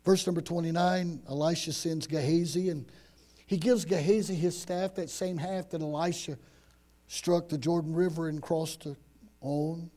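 Guy preaching a sermon, kinda high mellow voice, gets loud then goes quiet, repeats himself a lot. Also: steady tone, moderate pace. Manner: dramatic, swings between loud and hushed, repeats words.

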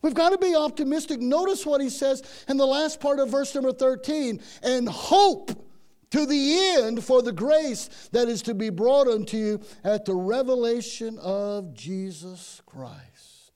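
High-voiced emphatic preacher. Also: male voice, normal speed, a little mellow. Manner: folksy, emphatic preaching with frequent "man" and repetitions. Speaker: pastor. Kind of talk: sermon.

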